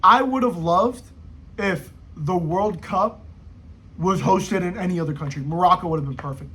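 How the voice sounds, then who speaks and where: A man's voice: normal speed, sharp tone, a little hiss or hum. A young man ranting casually to camera as a football vlogger, rambling, slangy and profane. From United States. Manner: rambling, slangy, profane, jumpy pitch swings.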